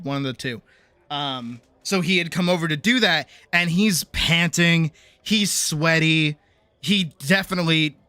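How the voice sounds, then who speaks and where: A woman streamer telling a story in casual chat, animated, laughing often and swearing freely. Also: no echo. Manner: quotes people in big high-pitched voices.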